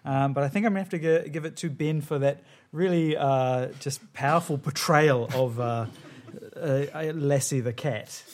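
A man hosting a comedy panel show, explaining rounds loosely with many fillers and halting restarts. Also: a little high. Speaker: quiz show host.

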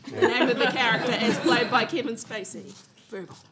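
A woman's voice: fairly high pitch, fairly quick, a loud crowd. A woman with a slight cold hosting a comedy quiz, chatty and giggly as she reads out the clues. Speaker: quiz host. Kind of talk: playful quiz-show banter.

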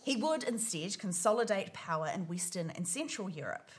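A woman, a comedy panellist reading out a prepared comic essay in a measured, deadpan manner. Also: medium pitch.

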